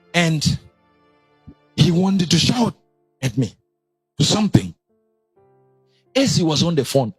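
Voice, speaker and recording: A male preacher delivering a sermon in an animated way, leaping to high exclamations and dropping low again, with a husky voice. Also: no room sound.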